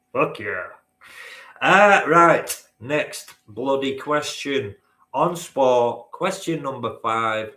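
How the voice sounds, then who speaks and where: A man's voice: mid-range voice, pushed and bright, echoey room. A man hosting a live-stream quiz, bantering with the chat and swearing now and then. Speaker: quizmaster.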